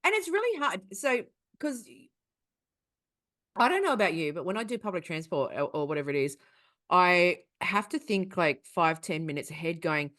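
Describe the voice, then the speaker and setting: Woman, young adult, podcast co-host, swearing storyteller, lively rising and falling pitch. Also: normal speed. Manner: animated, profane storytelling. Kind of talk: casual chat.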